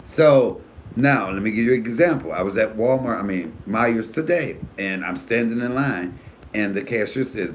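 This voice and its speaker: A man who is a comedian hosting his own live stream, chatting casually and frankly, with animated storytelling and cussing. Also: normal speed, slight background noise. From United States. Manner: animated storytelling, voice jumping high for quoted friends; profanity-laced, frank. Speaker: comedian and YouTube host.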